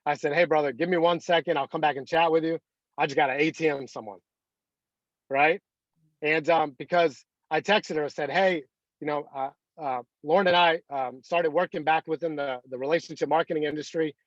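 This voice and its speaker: A man's voice: a little high, steady tone, brisk, dry recording, muffled recording. A man in his thirties leading a motivational team call over video, talking in a rambling, anecdotal way full of fillers. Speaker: team leader.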